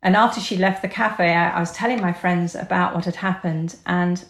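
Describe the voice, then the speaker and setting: A woman's voice: on the low side, fairly even intonation, moderate pace. Earnest woman storyteller in roomy echo. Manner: earnest, hesitant with frequent ums. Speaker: podcast guest, author. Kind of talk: conversational storytelling.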